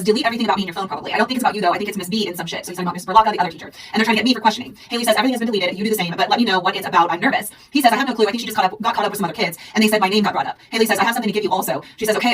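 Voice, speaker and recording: Female podcast co-host, rapid run-on reader, slightly off-mic. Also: mid-range voice, fairly bright tone, far from the mic, a little hiss or hum, low-quality recording. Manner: rapid, run-on reading with frequent "like" and "says". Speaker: podcast co-host reading case texts. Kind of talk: casual podcast chat, reading messages aloud.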